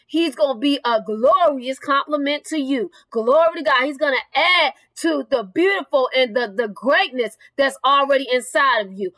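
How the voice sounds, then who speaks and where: A woman's voice: high voice, fairly bright tone, dry recording. A woman preaching a sermon in an earnest, direct way, reading scripture and speaking straight to singles.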